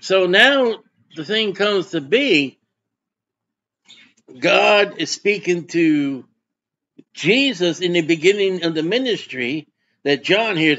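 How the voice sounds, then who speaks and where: A man's voice: high voice, animated, slow pace, long pauses, a bit bright, lo-fi sound. A man preaching a sermon as pastor, folksy and conversational, often putting questions to his congregation.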